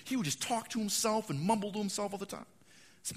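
A man preaching a sermon, acting out quotes and swinging between loud proclamations and hushed asides. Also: high voice, fairly quick. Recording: long hall reverb.

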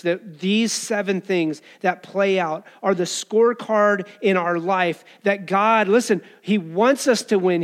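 A pastor preaching a conversational sermon to his church, acting out voices from the story. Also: sits high. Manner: conversational preaching, acts out crowd and beggar voices.

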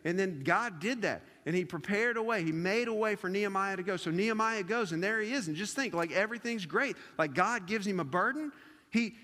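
Male pastor, high voice, emphatic repeating delivery, long church-hall echo. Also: bright, forceful tone. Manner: repetitive, emphatic preaching with rhetorical questions. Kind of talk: sermon. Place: church service before a congregation.

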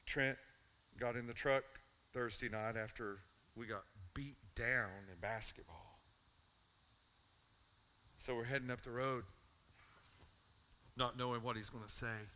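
A man's voice: mid-range voice, fairly even intonation, measured pace, pauses often, pushed and bright. A middle-aged man, a pastor telling a personal story in his sermon and building to a fervent altar call.

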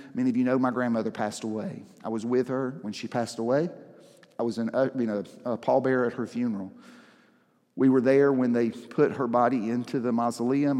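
A man's voice: medium pitch, darkish tone. A male pastor delivers a sermon in a mid-range voice. He talks to the congregation in a loose, storytelling way and leans into the dramatic moments. The sound carries the long reverb of a large church hall. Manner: conversational storytelling with dramatic emphasis.

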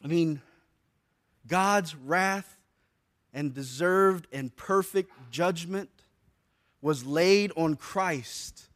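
A man preaching a sermon to a church congregation in a conversational way, using casual slang and swinging between soft and loud passages. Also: a little high. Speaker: pastor. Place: church service before a congregation.

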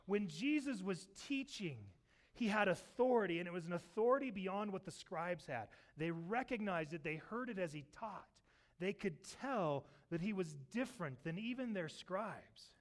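A man preaching a Sunday sermon as pastor, telling the scripture story with lively, animated delivery and acting out its voices. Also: high-pitched, moderate pace. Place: church sanctuary.

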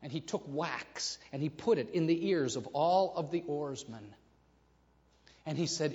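A man preaching a sermon to his congregation, telling a story with animated delivery and acting out the voices in it. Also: fairly high pitch, unhurried. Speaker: pastor. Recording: reverberant hall, dull lo-fi sound.

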